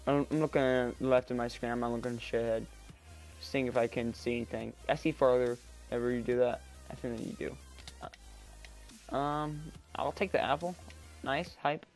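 A man giving chatty let's-play commentary, rambling and getting excited as he plays. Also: mid-range voice, moderate pace. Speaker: gameplay commentator. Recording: quiet background music. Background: faint background music.

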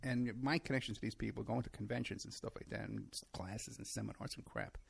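A man's voice: lowish voice, fairly even intonation, fast, gravelly, slight background noise. A middle-aged man hosting his own show, delivering a rambling, sarcastic solo monologue and laughing at his own points. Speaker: show host.

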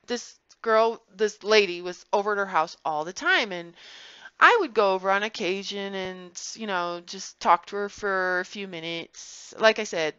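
Brief: bright-voiced woman vlogger, earnest storyteller, dry and dull lo-fi sound. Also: mid-range voice, clear, resonant tone, no room sound. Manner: earnest, explanatory, animated storytelling. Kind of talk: personal vlog commentary.

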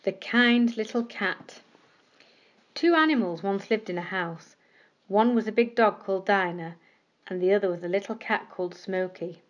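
A woman storyteller reading children's bedtime stories aloud in a gentle, expressive way, slowing down on key words. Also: medium pitch, muffled recording. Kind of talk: scripted bedtime story narration.

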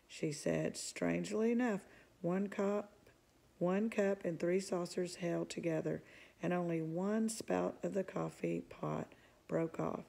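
Gravelly, husky woman reading a storybook. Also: fairly low pitch, fairly even intonation, slow, warm tone. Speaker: storybook reader. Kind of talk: reading a children's book aloud.

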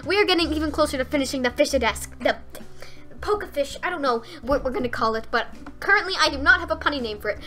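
A young woman streaming a fishing game live, chatting straight to her viewers and breaking into squeals and shouts when she gets excited. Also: high voice, fast talker, faint music behind. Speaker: gaming streamer.

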